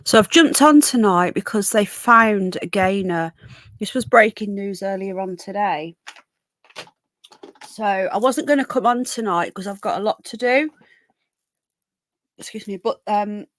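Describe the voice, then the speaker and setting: A woman's voice: medium pitch, unhurried, long pauses, a bit bright. A woman hosting a casual live stream from home, chatty and rambling, often restarting her sentences. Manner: chatty, rambling, self-interrupting. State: coughing. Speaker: livestream host. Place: home room.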